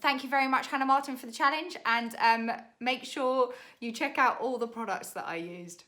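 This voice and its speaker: A young British woman, a makeup artist, chatting to camera in a rushed, laughing tutorial while doing her makeup. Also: on the high side, sharp tone. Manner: chatty, rushed, laughing under time pressure.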